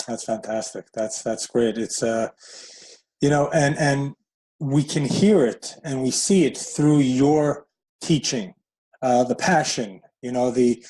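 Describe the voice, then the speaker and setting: A man's voice: mid-range voice, slow, darkish tone, rough recording. A man from New York City hosting an interview, encouraging and rambling with many fillers. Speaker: host. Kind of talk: casual interview.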